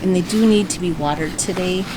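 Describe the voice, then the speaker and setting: A woman's voice: lowish voice, fairly quick. A woman from Minnesota talking through a casual tour of her home garden, chatty and fond of her plants. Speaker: vlogger giving a garden tour. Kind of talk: casual walking commentary. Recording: loud outdoor background noise.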